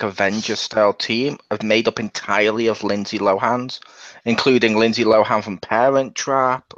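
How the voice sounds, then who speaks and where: A man's voice: on the low side, a bit bright, dry recording. A man who is a guest on a casual review podcast, adding playful, joking asides. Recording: dull lo-fi dry recording.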